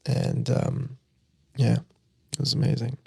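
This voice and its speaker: Young man, gravelly voice, animated storytelling, acts out quotes, dry sound. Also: medium pitch, takes it slowly, no room sound. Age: young adult. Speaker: podcast guest. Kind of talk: casual storytelling.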